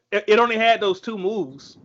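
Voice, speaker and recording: High-voiced blunt man chatting. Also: a bit bright. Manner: blunt, swears freely. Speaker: podcast co-host. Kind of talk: casual chat. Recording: dull lo-fi audio.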